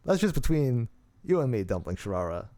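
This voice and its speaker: Sarcastic man with lively pitch. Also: fairly quick. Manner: dry, sarcastic, mock-serious. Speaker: host. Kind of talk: sarcastic commentary reading messages aloud.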